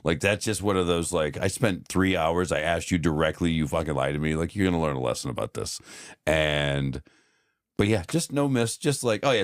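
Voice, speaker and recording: A man in his thirties, co-hosting a podcast, telling a family story in casual chat with lively swearing. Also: low-pitched, no room sound, studio quality. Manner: animated storytelling, swears freely. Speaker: podcast co-host.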